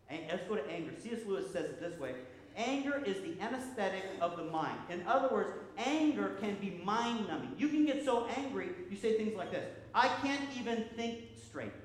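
A man preaching a sermon as pastor, animated, with frequent restarts and repeated words. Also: high-pitched, a little hiss or hum. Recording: echoey hall with long reverb.

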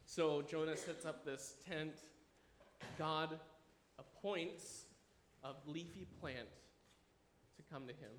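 A man in his thirties preaching a sermon, animated and enthusiastic, dropping at times to a quiet, earnest tone. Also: a little high, slow pace, a little hiss or hum. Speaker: pastor. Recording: echoey room with faint ambience.

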